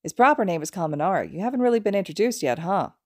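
A woman's voice: mid-range voice, lively intonation, fast, a little mellow, dry recording, clean studio sound, lightly acted. A woman voicing an easygoing teenage boy with a breezy, sing-song way of teasing. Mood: friendly.

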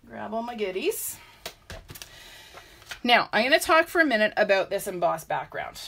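A woman's voice: medium pitch, very animated, moderate pace, creaky, fairly bright tone. A woman giving a chatty live craft tutorial, talking viewers through each step and greeting them by name. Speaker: papercraft demonstrator.

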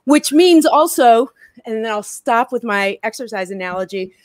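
A woman hosting a casual talk show over a video call. She sounds upbeat and laughs easily, with a slightly high voice. The sound is dry and close, with little room echo. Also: animated, normal speed, darkish tone. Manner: upbeat, laughs often, cheers people on. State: out of breath. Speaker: host.

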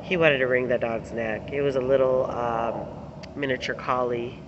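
A woman's voice: extremely low pitch, steady tone, moderate pace, dull audio, background noise. A middle-aged woman vlogging, telling rambling personal stories in a casual way, laughing often and swearing freely. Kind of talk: casual storytelling to camera.

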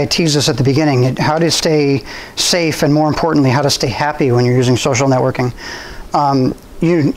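Man presenting to a club audience, slightly higher pitch, easygoing with ums and restarts. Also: poor audio. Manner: conversational, relaxed, with frequent restarts and ums. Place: university room.

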